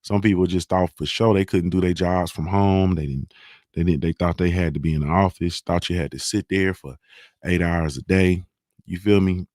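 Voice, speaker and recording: A man's voice: low-pitched, fairly even intonation, moderate pace, darkish tone, no room sound, studio quality. A man hosting a casual solo morning show, talking in a laid-back way with lots of "man" and "you feel me" as he reads sponsor plugs. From Ohio.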